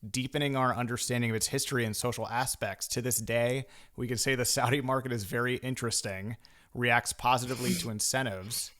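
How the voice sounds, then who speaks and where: A man co-hosts a podcast in loose, casual chat. He rambles, stumbles over words and laughs easily. His voice sits at an ordinary middle pitch. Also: steady tone, fairly quick, a bit bright. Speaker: podcast co-host.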